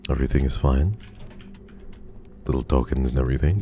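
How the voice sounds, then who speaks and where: A man's voice: very deep voice, animated, moderate pace, creaky, mellow, slight background noise. A male streamer giving live commentary on a game, talking to his chat and swearing in frustration.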